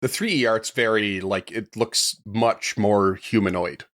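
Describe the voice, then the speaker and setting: A man's voice: fairly low pitch, measured pace, a bit bright. A man co-hosting a podcast in casual chat, easygoing, laughing often and hedging with fillers. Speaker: podcast co-host.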